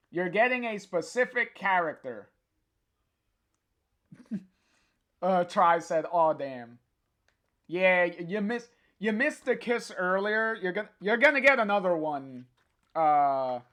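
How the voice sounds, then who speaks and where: Slow, halting live-stream comic reader. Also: medium pitch, expressive, fairly bright tone. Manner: hesitant, full of filler sounds and restarts; chats directly to a viewer in the live chat. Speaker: live-stream host reading a comic aloud. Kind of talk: casual live-stream read-along.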